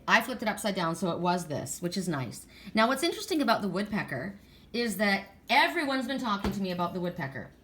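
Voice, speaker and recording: A middle-aged woman giving a casual oracle card reading, chatty and animated, telling stories and laughing as she talks. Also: on the low side.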